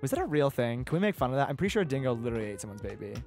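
A young man co-hosting a casual podcast, animated and joking, quick to laugh and swear. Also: medium pitch, faint music behind. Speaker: podcast co-host.

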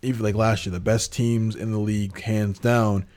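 Rich: A laid-back man on a casual sports podcast talks through his analysis aloud in a very deep voice. His tone is dark and mellow, and he builds each point step by step in an easy, relaxed way. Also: moderate pace.

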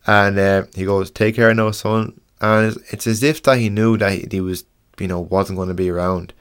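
Young irish guy podcasting, lowish voice, earnest, stop-start, swears a bit. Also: steady tone, clean tone. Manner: earnest and frank, halting with restarts and swearing. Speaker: podcast host. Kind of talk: casual podcast monologue.

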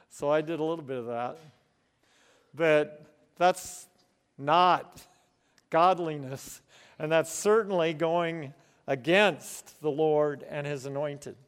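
Resonant-voiced American pastor preaching. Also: male voice, a little high, smooth, long reverb tail. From United States. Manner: earnest, chuckling often, slows down for emphasis. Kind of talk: sermon. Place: church room with congregation.

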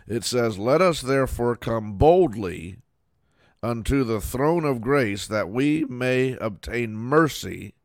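A man's voice: fairly low pitch, no room sound, clean studio sound. A man preaching a fervent sermon to a camera, with many fillers and repeated words. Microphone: camera mic.

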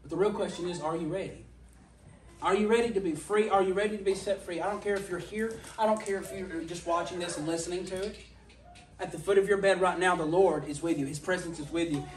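A man's voice: high voice, fast. Man preaching a fervent sermon; roomy, off-mic sound with faint ambience. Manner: impassioned, voice rising to near-shouting at peaks. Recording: echoey room, mic at a distance.

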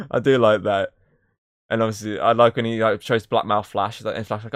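A man chatting casually on a podcast about a film he saw, retelling scenes with lots of swearing and quick acted-out quotes. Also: on the low side, little pitch movement, dry recording, clean studio sound. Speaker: podcast co-host.

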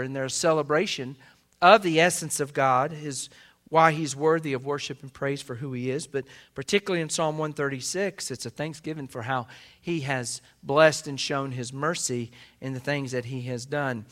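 Man preaching, rising to emphasis. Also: a little high. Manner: preaching to a standing congregation, swelling loud on key phrases. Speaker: pastor. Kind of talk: sermon. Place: church sanctuary.

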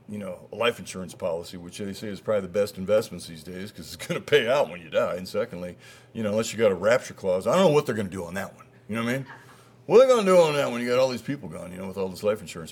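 A man preaching a sermon as pastor, folksy and conversational, swinging between loud emphasis and quiet asides. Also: mid-range voice.

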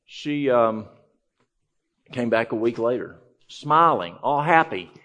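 A man's voice: mid-range voice, lively intonation, slow pace, fairly bright tone, lo-fi sound. Folksy male speaker telling a story. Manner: conversational, folksy, with frequent restarts. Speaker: health ministry speaker. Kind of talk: storytelling talk to a live audience.

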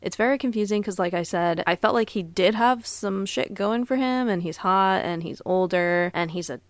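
A woman's voice: medium pitch, moderate pace, no echo. A woman in her twenties hosting a podcast, telling personal stories in a blunt, profane, laughing way. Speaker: podcast host. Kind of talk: casual storytelling podcast.

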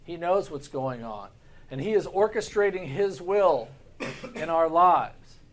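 A male pastor leads a Sunday school lesson in a fairly high voice. He talks earnestly, restarts and repeats his words, and keeps asking the class questions. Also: animated, a little slow. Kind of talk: Bible class teaching.

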